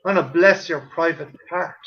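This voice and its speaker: A man's voice: on the high side, fairly quick, a crowd in the background. A man with an Irish accent ranting and swearing theatrically in a rambling, comic way on a stream. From Ireland. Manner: foul-mouthed, rambling, theatrical. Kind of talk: profane comic rant. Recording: dull lo-fi stream audio.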